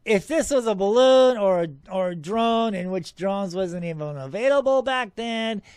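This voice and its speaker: Excitable high-voiced man hosting a UFO show. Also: dry recording. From Arizona, USA. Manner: excitable, rambling, laughs often, scoffs at skeptics. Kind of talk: excited commentary over his own footage.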